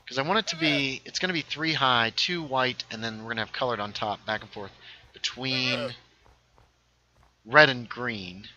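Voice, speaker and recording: A man's voice: mid-range voice, bright, forceful tone, muffled recording, a little hiss or hum. A man hosting a casual gaming livestream, thinking aloud as he builds and reading viewer chat aloud. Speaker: livestream host.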